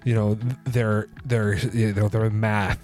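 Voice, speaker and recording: A man's voice: lowish voice, level tone, slow, darkish tone. A man hosting a casual movie review show, rambling through the plot with many filler words and restarts. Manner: sipping a drink while recording. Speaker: movie review podcast host.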